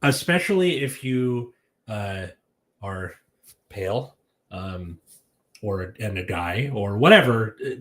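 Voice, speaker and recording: A man's voice: on the low side, expressive, takes it slowly, long pauses, a bit bright. A man chatting casually on a podcast, rambling with self-deprecating humor. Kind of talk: casual chat.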